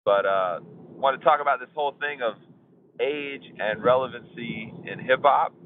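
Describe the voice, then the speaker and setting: A man's voice: medium pitch, normal speed. Laid-back man on a phone line. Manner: laid-back, chuckling, rambling with fillers. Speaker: podcast host. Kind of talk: casual podcast chat. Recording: tinny phone line, faint noise.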